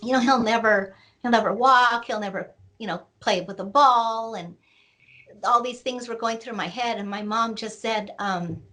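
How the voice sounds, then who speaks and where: A middle-aged woman, an author, slowly telling a painful personal story in an interview, with many pauses and fillers. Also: fairly high pitch, sharp tone. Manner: slow, reflective, with many fillers. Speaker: author and guest.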